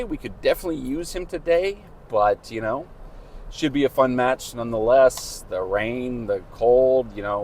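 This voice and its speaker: A man's voice: on the low side, slight background noise. A man hosting a casual match-day vlog outdoors, talking in a rambling way with lots of "like" fillers. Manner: chatty, rambling with frequent "like" fillers. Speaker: vlogger host. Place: outdoors around town.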